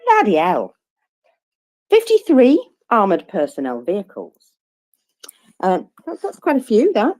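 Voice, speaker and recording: A woman's voice: a little high, huge pitch swings, measured pace, a little mellow. A woman with an English accent, co-hosting an online audio chat and reading out daily figures in a chatty, self-deprecating way. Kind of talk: casual chat.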